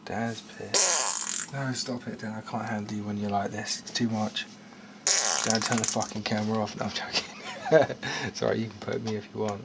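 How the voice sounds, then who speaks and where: A man's voice: lowish voice, fairly even intonation, normal speed, vocal fry, noisy background. A man chatting casually with his brother, joking and teasing as he goes. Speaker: musician, brother of the filmmaker. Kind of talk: casual chat. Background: guitar music.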